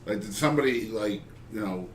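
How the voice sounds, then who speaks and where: A man's voice: fairly low pitch, fairly quick. A man hosting a casual interview, joking and bantering playfully with his guests. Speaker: podcast host. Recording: roomy, distant mic, faint noise.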